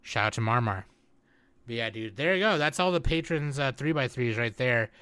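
A man's voice: mid-range voice, animated, moderate pace, fairly bright tone, clean tone, dry recording. A man hosting a podcast in casual chat, loose and joking, full of "like" and "dude" fillers. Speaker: podcast host.

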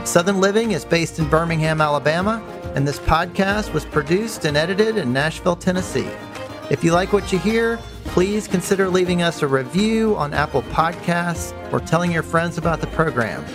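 A man's voice: a little high, normal speed. A man hosting a podcast, thanking his guest and reading a scripted closing. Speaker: podcast host. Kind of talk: scripted outro read. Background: music.

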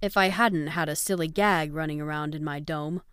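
A woman's voice: deep voice, steady tone, moderate pace, fairly bright tone, clear, resonant tone, no echo, clean studio sound. A woman voicing a big easygoing male press agent who jokes sheepishly. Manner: sheepish, joking.

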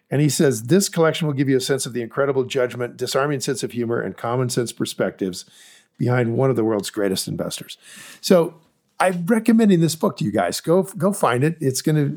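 Male podcast co-host, mid-pitched, animated and rambling, casual investing talk. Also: gravelly. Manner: animated, rambling with restarts and fillers.

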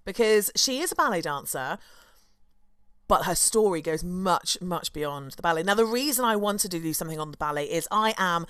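Woman, podcast host, casual storytelling, lower voice, dry close sound. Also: expressive, normal speed, fairly bright tone, smooth, no echo. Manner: chatty storyteller, enthusiastic, many fillers. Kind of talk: casual chat.

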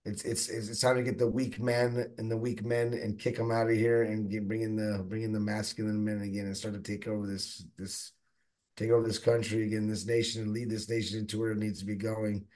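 Excitable stuttering man, podcast guest. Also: on the low side, fairly quick. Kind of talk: casual chat and fervent exhortation.

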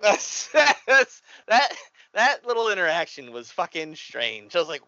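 A man with a somewhat high voice swings widely in pitch as he reacts to a film, swearing freely. The recording is dry, close and slightly dull. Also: a little slow, no echo. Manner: animated, swearing, laughing reactions. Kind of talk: casual movie discussion. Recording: dry, slightly muffled lo-fi audio.

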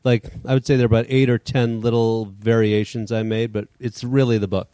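A man's voice: mid-range voice, little pitch movement, a little fast, warm tone, clean tone, no room sound. Playful middle-aged man, dry close sound. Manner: playful, slips into mock voices and accents. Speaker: guest author. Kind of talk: casual podcast chat.

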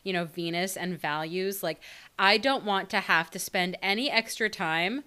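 Woman co-host with a bright, clean, smooth voice; relaxed chat, thinks out loud. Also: medium pitch, normal speed. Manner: thinks aloud, many fillers and restarts. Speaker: podcast co-host. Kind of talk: casual astrology chat.

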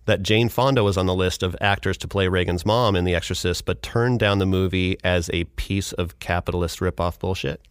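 A man's voice: sits low, fairly even intonation, brisk, few pauses, smooth, dry recording, clean studio sound. A man hosting a podcast, narrating a scripted segment in a casual, wry way. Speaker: podcast host.

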